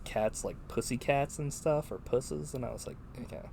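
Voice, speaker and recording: A man's voice: medium pitch, moderate pace, gravelly, noisy background. A man co-hosting a podcast, chatting casually about a film in a rambling, profane way with many fillers. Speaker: podcast co-host.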